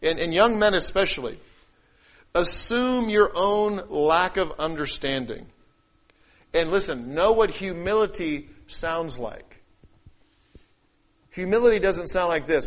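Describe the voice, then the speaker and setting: A man's voice: high voice, animated, slow pace, pauses often. Man preaching with dramatic swings. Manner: dramatic, acts out quoted voices and scripture; shifts between loud declaiming and quiet asides. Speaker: pastor. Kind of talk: sermon.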